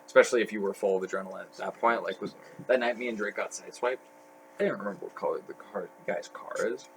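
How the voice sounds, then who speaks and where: A man's voice: lowish voice, fast, background noise. A young man talking as a podcast guest, telling stories in a rambling way full of fillers. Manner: rambling, filler-heavy storytelling. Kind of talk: casual podcast chat.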